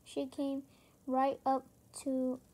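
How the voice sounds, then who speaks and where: A woman voicing a cautious, shy young boy in a children's storybook, slow and halting. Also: sits high, monotone, mellow. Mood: curious. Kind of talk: reading a children's chapter book aloud.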